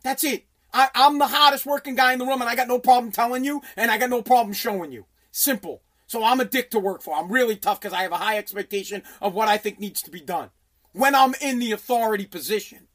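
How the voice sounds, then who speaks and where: A man's voice: extremely high pitch, fast talker, a bit bright. A man, a business owner and radio host, ranting bluntly and profanely about hard work. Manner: profane, aggressive, emphatic. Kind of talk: blunt motivational rant.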